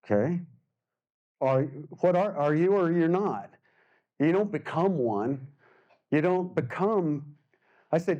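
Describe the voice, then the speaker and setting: A man in his sixties, an artist giving a casual storytelling talk, animated and acting out the voices he quotes, with frequent laughs. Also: high-pitched, slow. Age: 60s. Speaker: guest artist speaker.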